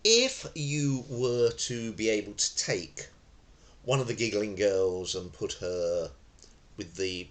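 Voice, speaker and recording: A man's voice: on the low side, expressive, takes it slowly. An older man from London, teaching a self-defence lesson in a chatty, digressive way with frequent fillers and self-corrections. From London, England. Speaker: tai chi and self-defence instructor. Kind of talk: informal spoken lesson.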